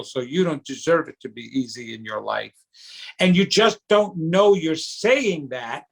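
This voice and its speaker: A man's voice: sits high, a bit bright. A man speaking as a guest in an interview, explaining in an emphatic, teaching way. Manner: emphatic, teaching tone, acts out childish voices. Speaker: psychic medium guest. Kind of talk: conversational interview answers.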